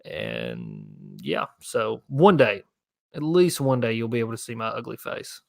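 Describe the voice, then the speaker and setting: A man's voice: lowish voice, sing-song, a little slow, gravelly, darkish tone, dry recording. Laid-back young man on a dry mic. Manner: laid-back, rambling, answering viewer questions. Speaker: fishing channel host. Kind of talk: casual livestream Q&A.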